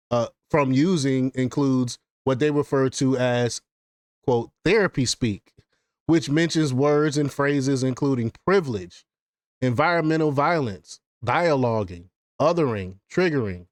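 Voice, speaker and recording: A man's voice: mid-range voice, dry recording. Dry-voiced man reading news with asides. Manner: reads quotes, then breaks into laughing asides; stumbles and repeats words. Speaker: political commentary host.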